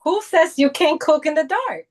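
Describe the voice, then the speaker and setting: An actress playing a protective mother who speaks in a measured, firm way. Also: high-pitched, close to an everyday voice. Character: protective mother, stern but loving.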